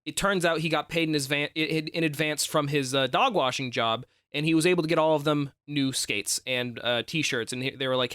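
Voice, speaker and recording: A man's voice: fairly high pitch, fairly even intonation, brisk, hardly any pauses, fairly bright tone, clean tone, dry recording, clean studio sound. A man co-hosting a podcast, casually recapping a film with jokes and mock quotes. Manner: laid-back, joking, fond of mock-quoting characters. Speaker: podcast co-host.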